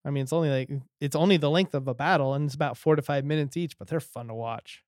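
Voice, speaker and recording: A man's voice: a little high, fast, a little mellow, no echo. A man co-hosting a casual podcast, chatting in an easygoing way and laughing often. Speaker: podcast co-host. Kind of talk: casual chat.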